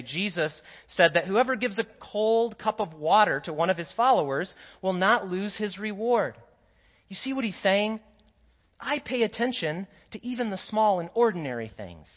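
High-voiced priest in an echoey church. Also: male voice. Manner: earnest storytelling, drops to quiet asides. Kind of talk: sermon. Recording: dull echoey church recording.

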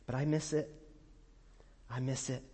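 A man preaching a sermon as a pastor, earnest and conversational, laughing at times and dropping soft and low in prayerful moments. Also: level tone, unhurried, slightly rough, in a large hall. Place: church.

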